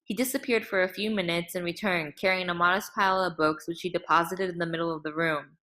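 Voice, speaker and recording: A woman reading a novel aloud as an audiobook narrator, in a measured, dramatic way. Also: on the low side, fairly even intonation, sharp tone.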